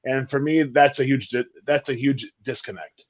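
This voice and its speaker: A man's voice: medium pitch, moderate pace, dull audio. A man on a wrestling talk panel giving earnest, critical opinions and repeating points for emphasis. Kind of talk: casual panel chat, opinionated.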